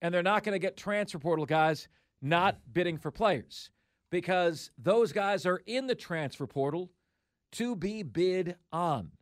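A man's voice: high-pitched, lively intonation, a little slow, no echo, clean studio sound. A man hosting a sports talk radio show, arguing his opinions emphatically, hammering points home through repetition.

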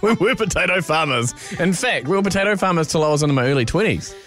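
A man's voice: on the high side, expressive, quick pace, fairly bright tone, faint music behind. A man from New co-hosting a radio show, jokey and laughing easily. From New Zealand. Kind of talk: casual radio banter.

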